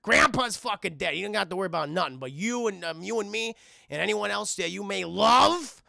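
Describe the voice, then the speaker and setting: A man's voice: sits high, lively intonation, a little fast, vocal fry, pushed and bright, dry recording, studio quality, exaggerated voice. A man voicing a brusque young male demon hunter who talks in a blunt, profane, insistent way.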